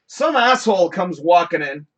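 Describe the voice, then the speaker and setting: Guy ranting on his live show, swears a ton, voice jumps way up high when he gets fired up. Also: normal speed. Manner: profane, animated storytelling with shouted outbursts. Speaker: podcast host; building concierge telling a work story. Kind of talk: casual rant on a live show.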